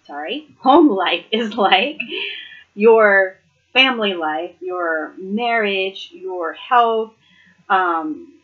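A woman's voice: mid-range voice, animated, very slow, highs cut off. A woman giving a casual, earnest devotional talk. She reads scripture aloud and reflects on it, often laughing lightly between points. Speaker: Bible study speaker.

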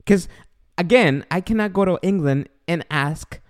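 A man's voice: high-pitched, measured pace. Joking man hosting a casual podcast. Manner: joking, curious, loose and profane. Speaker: podcast host.

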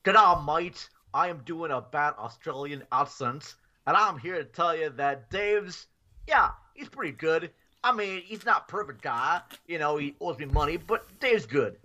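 A man putting on a deliberately bad Australian bloke voice for a joke ad. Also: fairly high pitch, expressive, pushed and bright, dull audio. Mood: jokey.

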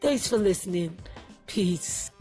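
A woman guest on a podcast, telling stories in an animated, chatty way and swearing freely. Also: lowish voice, slow, faint music behind. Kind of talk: casual storytelling.

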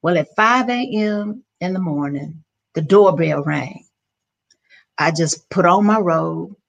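A woman's voice: lowish voice, slow pace, gravelly, dull audio. A middle-aged woman, an interview guest, telling a personal story in an earnest, emotional way with many restarts.

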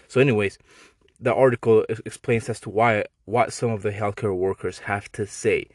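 Mexican-accented guy ranting on his podcast, lowish voice, swears a lot, super dry close sound. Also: fairly even intonation, moderate pace, no echo. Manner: sarcastic, profane, slangy. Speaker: podcast host. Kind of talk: casual podcast rant.

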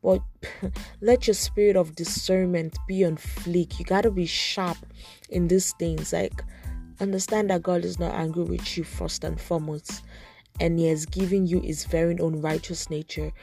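Young woman for a casual Christian advice vlog, earnest and chatty, warm tone. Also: on the low side, fairly even intonation, normal speed, creaky, faint music behind. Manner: earnest, conversational, lots of "like" fillers. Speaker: Christian vlogger giving advice. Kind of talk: casual faith talk to camera.

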